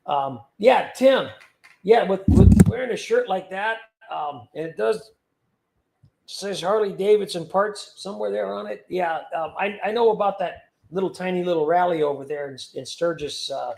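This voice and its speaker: A man's voice: high voice, normal speed, creaky, background noise. A man hosting a livestream, chatting in a rambling way with many fillers and chuckles. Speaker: livestream host. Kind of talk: casual livestream chat. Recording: roomy echo.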